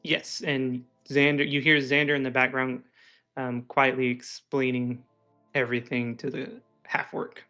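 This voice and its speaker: A man's voice: medium pitch, flat delivery, measured pace, pushed and bright, faint music behind. A man narrating as game master in a tabletop game stream, casual and descriptive. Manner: casual, descriptive, laughs often.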